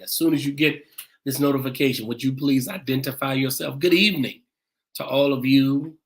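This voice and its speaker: A pastor hosting a church livestream, greeting viewers by name and repeating "come on in" in a casual, welcoming way. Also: male voice, medium pitch, steady tone, a little fast.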